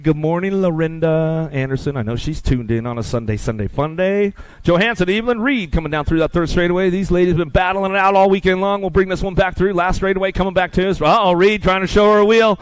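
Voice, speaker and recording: A man's voice: high-pitched, fast talker, clean tone, no room sound. A man calling live races as the announcer, rattling off play-by-play and bantering with the crowd. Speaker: race announcer. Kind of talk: live race commentary.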